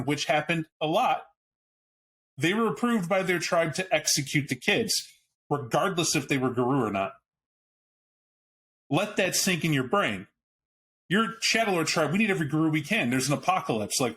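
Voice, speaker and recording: A man's voice: fairly high pitch, a bit bright, slight background noise. A man hosting a podcast, talking casually and bluntly about a tabletop game book, swearing now and then and restarting his sentences as he thinks aloud. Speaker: podcast host.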